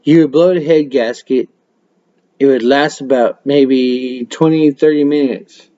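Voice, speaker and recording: This podcast host is a man with a mellow, medium-pitched voice, fairly even intonation, and a slightly slow delivery. He tells casual, wandering stories full of cursing and laughter. Recorded on a webcam mic, the audio has its highs cut off.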